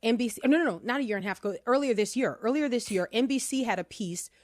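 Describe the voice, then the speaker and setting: A woman's voice: a little high, fast talker, dry recording, clean studio sound. A middle-aged woman co-hosting a talk radio show, chatty and emphatic, laughing easily between points. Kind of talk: casual talk radio commentary.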